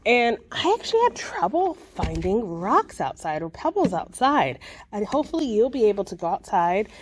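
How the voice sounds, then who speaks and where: A woman's voice: medium pitch, big pitch swings, moderate pace, a little hiss or hum. A young adult woman, a librarian, chatting and encouraging as she walks through a simple craft for kids. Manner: chatty and encouraging, with many fillers. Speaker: children's librarian hosting a craft video. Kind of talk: casual craft tutorial.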